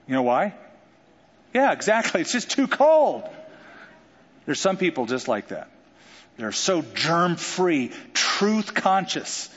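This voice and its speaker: Animated preacher in a big hall. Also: male voice, fairly high pitch. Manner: animated preaching with jokes and acted-out quotes. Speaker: pastor. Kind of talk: sermon. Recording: dull sound with long hall reverb.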